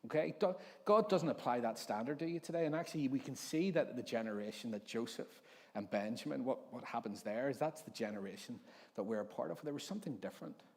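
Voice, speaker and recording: Northern Irish male pastor, 40s, mid-pitched, chatty storytelling sermon. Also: animated, quick pace, a little mellow, long reverb tail. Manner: jokey storytelling, acts out overheard voices. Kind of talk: conversational sermon. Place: church hall.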